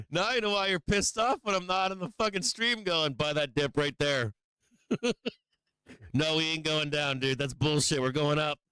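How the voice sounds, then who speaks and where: Brash, profane man with a bright, high voice. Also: fairly even intonation, measured pace, long pauses, clean tone, no echo. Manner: brash and profane, laughing often. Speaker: stock market livestream host. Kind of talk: live trading commentary.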